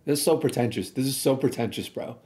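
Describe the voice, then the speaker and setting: A man's voice: mid-range voice, fast, mellow. A man streaming a reaction video, arguing bluntly in a casual, rambling way with frequent restarts.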